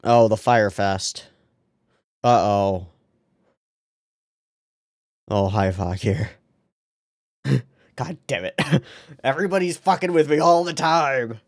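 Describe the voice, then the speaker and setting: Taking it slowly with long pauses, a man with a mid-range voice hosts an anime reaction video, where he swears frequently, laughs, reads on-screen lines out loud and talks back to what's playing. It's casual commentary in dry, studio-quality audio.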